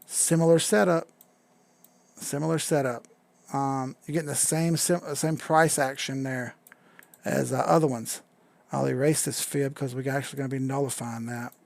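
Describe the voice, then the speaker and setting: A gravelly, laid-back man with a drawl talks through charts on his live stream, drifting from point to point and swearing casually. His voice sits at an ordinary pitch and is recorded dry and close. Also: steady tone, measured pace, no room sound. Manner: laid-back, rambling, swears casually, reads chat aloud. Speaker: crypto live stream host.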